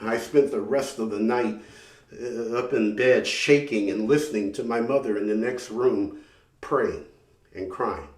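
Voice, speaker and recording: A man's voice: medium pitch, a little mellow. A man performing a solo theatrical story, telling it dramatically and often repeating words as he goes. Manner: dramatic, halting repetitions. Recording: roomy sound from a distant mic.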